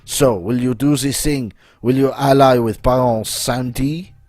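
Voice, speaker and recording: A man's voice: medium pitch, fairly even intonation, measured pace, darkish tone, no room sound, soft background music, natural voice. A man voicing a grand, scheming male hacker with a put-on French accent, who talks about himself in the third person.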